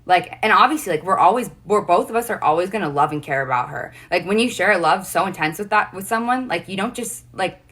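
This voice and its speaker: Young woman with a low voice, rambling story on a livestream, says like constantly. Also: animated, quick pace, hardly any pauses, fairly bright tone, slightly rough. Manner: rambling storytelling, heavy "like" fillers. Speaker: livestream guest. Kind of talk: casual livestream chat.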